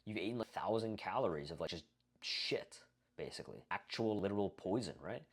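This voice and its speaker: Speaking in a lowish, briskly paced voice with lively intonation, a young self-improvement creator delivers a casual monologue to camera. He swears, doesn't soften anything, and leans on fillers and rhetorical questions.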